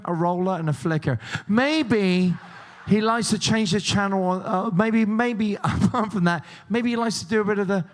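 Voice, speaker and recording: Man, game show host, bouncy high voice, jokey patter. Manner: jokey, upbeat, teasing patter. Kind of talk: cruise ship game show hosting.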